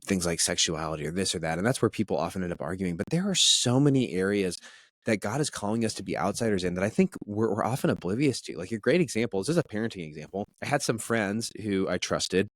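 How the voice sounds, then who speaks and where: A man in his thirties talks as a podcast guest, earnest and animated, tripping into restarts as he shares a story. His voice sits fairly low, and the recording is dry and close with no room sound. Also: fast, no room sound. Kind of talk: conversational storytelling.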